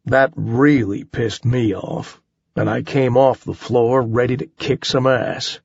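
A man reading a first-person action novel aloud in a dry, wry, steady storytelling manner. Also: mid-range voice, slow pace, gravelly, slightly rough, no echo, dull audio. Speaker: audiobook narrator. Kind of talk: first-person audiobook narration.

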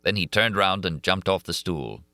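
A man narrating a classic novel as an audiobook, in an expressive reading style. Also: low-pitched, moderate pace, no echo. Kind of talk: scripted narration.

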